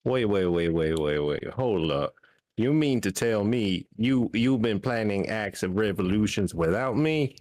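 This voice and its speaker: A man role-playing his character in a tabletop game. He stammers, laughs nervously and restarts his lines. His delivery is slow, and the sound is dry and close. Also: lowish voice, expressive, darkish tone, dry recording. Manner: flustered, giggly, stammering. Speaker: player.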